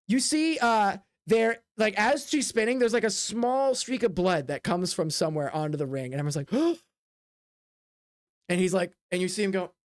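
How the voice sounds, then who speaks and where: This high-voiced man runs a tabletop game on stream, and his game-master narration wanders with lots of fillers. He breaks into quick character-voiced asides, and the recording is studio quality with no echo.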